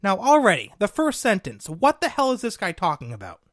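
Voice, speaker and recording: A man's voice: sits high, wildly swooping pitch, a little fast, dry recording, clean studio sound. A young man hosting a political talk show, delivering combative, sarcastic commentary and calling his listeners folks.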